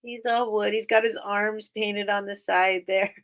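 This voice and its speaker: Speaking a little slowly, this woman has a mid-range, slightly bright voice with fairly even intonation. It's casual live-stream sales chat: she rambles while presenting her items and often giggles.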